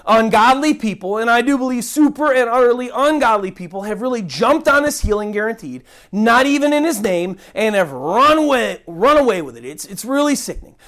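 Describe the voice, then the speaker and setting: A woman's voice: a little high, lively intonation, brisk, few pauses, fairly bright tone. A woman giving an earnest online Bible teaching, indignant and emphatic, repeating words for stress.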